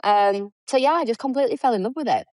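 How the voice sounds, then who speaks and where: A woman's voice: a little high, fast, a little mellow, dry recording. A woman in her thirties from England, a former cricketer chatting as an interview guest, self-deprecating and acting out the dialogue she quotes. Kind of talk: casual interview chat.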